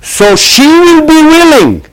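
Animated man teaching a class. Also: very high-pitched, takes it slowly, rough recording. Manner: quizzes the audience with rhetorical questions; swings between loud emphasis and hushed asides. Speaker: religious teacher. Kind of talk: Torah lesson to a live class.

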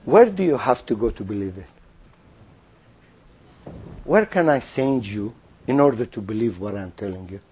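A man's voice: fairly low pitch, lively intonation, moderate pace, pauses often, a little mellow, breathy edge. A man teaching a spiritual lesson who asks his listeners questions and acts out the figures in the story. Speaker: religious teacher.

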